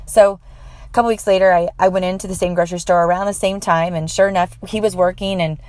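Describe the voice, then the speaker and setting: A woman's voice: fairly low pitch, fairly even intonation, fast talker, a little mellow, dry recording. A woman telling a personal story in an earnest, heartfelt way, with frequent fillers and restarts.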